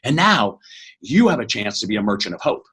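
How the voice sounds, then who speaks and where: A middle-aged man speaking as a podcast guest, giving an energetic motivational talk that is quick and full of restarts. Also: on the low side, slightly rough. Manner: energetic, fast, with many restarts.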